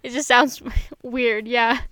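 A young woman co-hosting a casual chat over a video call, agreeable and full of fillers and quick yeses. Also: fairly high pitch, steady tone, fairly bright tone, no echo. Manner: agreeable, lots of fillers and affirmations. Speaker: co-host.

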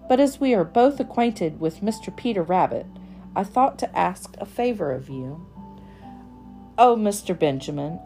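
A woman's voice: medium pitch, mellow, voice pushed up. A woman voicing a fussy, tidy little female mouse who talks in a prim, scolding way.

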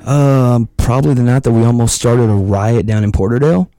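A man telling profane, animated stories as a wrestler guest on a podcast. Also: mid-range voice. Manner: fast, profane, animated storytelling. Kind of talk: casual podcast storytelling.

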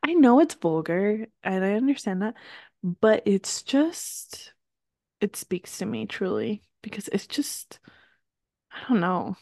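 A chatty woman co-hosts a casual podcast, peppering her talk with "like" and frequent laughs. Her voice sits at a middle pitch and is recorded dry and close. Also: big pitch swings, a little slow, gravelly, warm tone, dry recording. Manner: chatty, laughs often, lots of "like". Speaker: podcast co-host. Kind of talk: casual chat.

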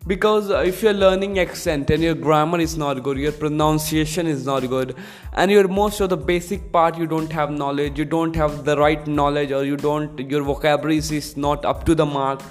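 A man hosting his own solo podcast, explaining in an earnest, repetitive way. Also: a little high. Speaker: podcast host.

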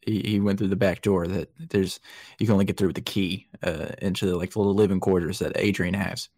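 A man voicing a weary, disheveled man in a half-attempted southern accent, talking in a rambling, halting way. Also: deep voice, fairly even intonation, darkish tone, no room sound. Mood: anxious.

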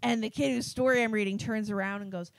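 A woman's voice: medium pitch, fairly even intonation, quick pace, creaky, no room sound. A woman guest on a podcast, chatting casually and telling a story, laughing often. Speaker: podcast guest, hospital teacher.

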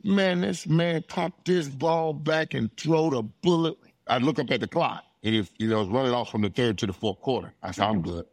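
A middle-aged man from Florida tells stories in a relaxed interview. He is animated, acts out both sides of the dialogue and laughs often. His voice sits at an ordinary pitch and sounds close and dry. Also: moderate pace, few pauses, dry recording. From Florida, USA. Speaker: interview guest, retired football player. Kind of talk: casual storytelling.

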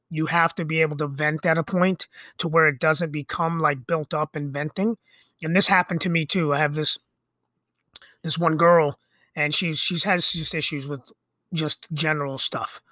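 A man's voice: fairly high pitch, steady tone, moderate pace, pushed and bright, no echo, clean studio sound. A middle-aged man hosting a podcast, talking in a rambling, conversational monologue full of fillers and restarts. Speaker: podcast host. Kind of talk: casual monologue.

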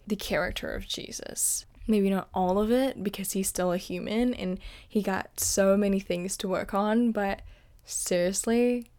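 A woman's voice: medium pitch, darkish tone. A woman in her twenties talking candidly in a casual vlog, chatty and emotional, with lots of fillers. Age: 20s. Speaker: vlogger.

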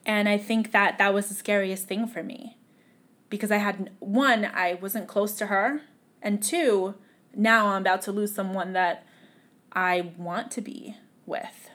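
A young woman recounts a painful memory as a podcast guest. Her voice is emotional and halting, at times sinking to a near whisper. She speaks in an everyday middle register. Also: medium pitch, steady tone, a bit bright. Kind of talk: emotional personal storytelling.

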